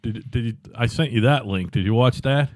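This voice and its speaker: A man's voice: medium pitch, brisk, no echo. Wry podcast guy, dry close sound. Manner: dry, chiming in with wry asides. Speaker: podcast co-host. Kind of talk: casual political chat.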